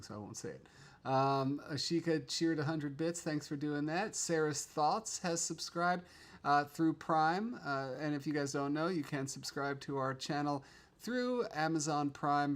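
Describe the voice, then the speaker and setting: A man hosting a casual livestream from a home studio, chatting loosely, trailing off and restarting his sentences. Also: on the high side. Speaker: livestream host.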